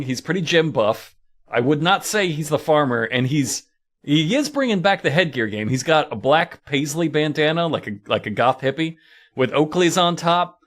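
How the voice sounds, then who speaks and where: A man co-hosting a comedy podcast, chatting casually and joking with bursts of laughter. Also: fairly high pitch. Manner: animated, jokey, breaks into laughter. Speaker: podcast co-host.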